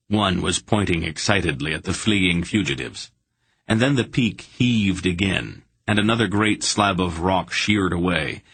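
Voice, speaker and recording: Male audiobook narrator, very low, husky, dry, steady telling. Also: no room sound. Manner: steady, measured storytelling.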